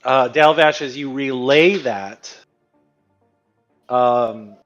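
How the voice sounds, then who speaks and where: A man's voice: mid-range voice, very slow, fairly bright tone, highs cut off, faint music behind. A man narrating as game master in a tabletop game, hesitant and full of fillers.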